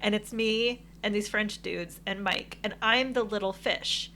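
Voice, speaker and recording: A woman co-hosting a podcast, telling a travel story in casual chat, animated and laughing often. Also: medium pitch, unhurried. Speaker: podcast co-host.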